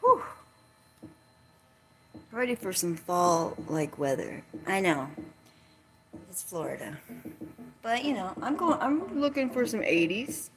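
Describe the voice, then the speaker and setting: A woman's voice: mid-range voice, expressive, measured pace, rough recording. A woman vlogging in a casual, chatty and playful way, rambling and laughing often. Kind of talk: casual chat.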